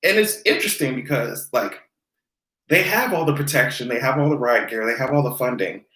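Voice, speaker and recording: A vlogger ranting in casual commentary, profane and sarcastic, now and then slipping into high mocking voices. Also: lively intonation, fairly quick, a bit bright, reverberant, low-quality recording.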